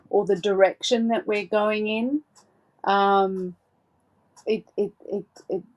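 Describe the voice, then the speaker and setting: A woman giving a live psychic reading, gentle and reassuring, with frequent hesitant fillers and restarts. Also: mid-range voice.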